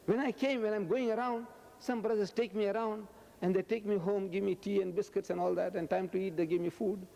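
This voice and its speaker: A man in his seventies giving a religious lecture, loud and forceful, his pitch jumping high when he gets animated. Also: brisk, vocal fry, lo-fi sound. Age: 70s. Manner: loud, forceful, booming delivery; pitch swings sharply upward when animated. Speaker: Islamic lecturer. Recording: long hall reverb.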